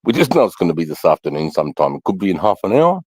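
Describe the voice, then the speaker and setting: Super deep aussie guy just rambling, swears a lot, dry close sound. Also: sing-song, racing, no echo, low-quality recording. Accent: Australian. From Australia. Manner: rambling, sweary, sighing between thoughts. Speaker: vlogger. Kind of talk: casual rambling monologue.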